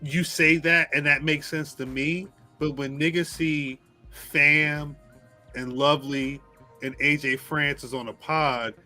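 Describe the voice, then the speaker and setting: A man co-hosting a podcast in casual chat, playful, tossing in short quick remarks. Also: fairly high pitch, fairly even intonation, bright, forceful tone, soft background music. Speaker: podcast co-host.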